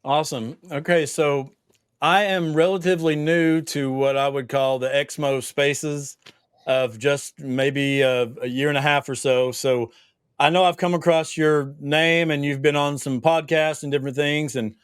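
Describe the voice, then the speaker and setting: A man's voice: a little high, fairly even intonation, unhurried, smooth, no room sound, studio quality. Southern man hosting a casual interview. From Tennessee. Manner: self-deprecating, hesitant with many fillers. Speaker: podcast host.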